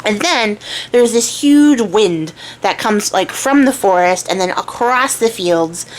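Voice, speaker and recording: A woman's voice: mid-range voice, animated, slow, low-quality recording. A young woman hosting a crafting channel, telling a folk tale in a chatty, casual way with frequent fillers. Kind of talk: casual storytelling.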